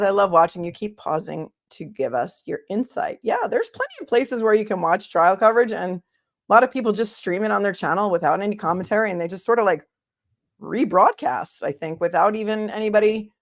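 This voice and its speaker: A middle-aged woman with a Boston accent talks casually into a desk mic, thanking viewers one by one and musing aloud. Her voice sits at an ordinary pitch with a gravelly, fry-tinged texture. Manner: chatty, warm thanks to viewers, thinks aloud. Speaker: attorney and trial commentary host. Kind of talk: casual livestream chat reading super chats.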